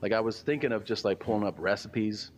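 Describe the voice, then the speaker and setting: A comedian telling a story in casual chat, rambling and animated. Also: male voice, fairly low pitch, brisk, a little hiss or hum. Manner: rambling, filler-heavy, animated retelling.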